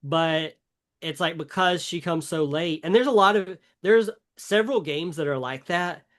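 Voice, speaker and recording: A man's voice: a little high, moderate pace, a bit bright. A man with a Southern US accent, co-hosting a podcast in a chatty, rambling way with many fillers. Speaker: podcast co-host. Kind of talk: casual chat.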